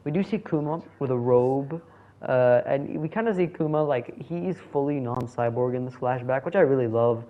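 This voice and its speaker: A man talks through a manga chapter at a middle pitch, rambling and correcting himself, with a chuckle here and there. The recording is dull and lo-fi. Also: normal speed. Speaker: manga reviewer. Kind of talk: casual solo commentary.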